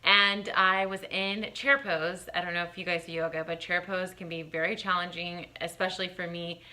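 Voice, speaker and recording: A woman's voice: lowish voice, little pitch movement, moderate pace, pushed and bright. A woman in her late twenties talking candidly in a casual vlog, reflective and open, with lots of "like" and "uh". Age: 20s. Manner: candid, reflective, many fillers like "like" and "uh". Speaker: vlogger.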